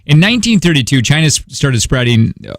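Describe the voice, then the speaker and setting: Lively male radio host, laughing banter. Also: medium pitch, fast, dry recording, clean studio sound. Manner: joking, laughs often, rambling with many fillers. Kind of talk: casual morning radio banter. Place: radio studio. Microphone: studio microphone.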